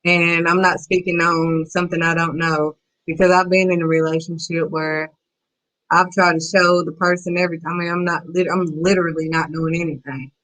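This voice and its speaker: A woman's voice: fairly low pitch, little pitch movement, fairly quick, a bit bright, poor audio. A woman hosting a faith-based talk show, giving blunt, emphatic, preachy advice. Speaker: host.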